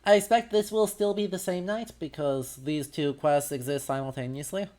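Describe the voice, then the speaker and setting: A man's voice: fairly high pitch, fairly even intonation, moderate pace, a little mellow. A man casually commenting on a video game during a live stream, musing aloud, correcting himself and talking to his chat. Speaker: history streamer.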